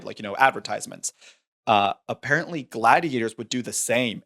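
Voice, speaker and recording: A man's voice: mid-range voice, a bit bright. A man co-hosting a movie podcast, talking things through in a thoughtful, rambling way with restarts. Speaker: podcast co-host. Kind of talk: casual film discussion.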